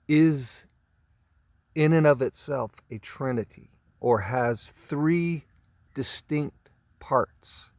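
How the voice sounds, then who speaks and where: A man giving a spiritual teaching talk, speaking slowly and emphatically, drawing out and repeating words and often clearing his throat. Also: mid-range voice, a little mellow, no room sound. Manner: slow, emphatic, drawn-out phrasing with repeated words.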